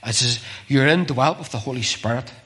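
A man preaching a sermon with passion, repeating phrases and swinging from urgent calls to hushed, near-whispered lines. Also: mid-range voice, moderate pace.

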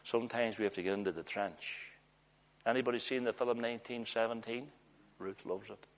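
A man preaching a sermon in an earnest, storytelling way, often letting his voice drop low and hushed. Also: fairly quick.

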